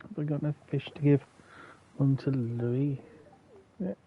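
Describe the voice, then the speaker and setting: A man's voice: mid-range voice, a little slow, breathy edge, highs cut off. A man streaming a farming game with a friend, chatting casually with joking, rambling asides. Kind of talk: casual gameplay chat.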